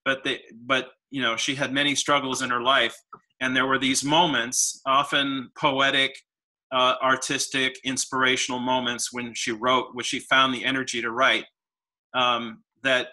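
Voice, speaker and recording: A man's voice: medium pitch, little pitch movement, sharp tone, poor audio. A man interviewing an author, asking long questions and searching for his words as he goes. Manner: halting, searching for words, many fillers and restarts.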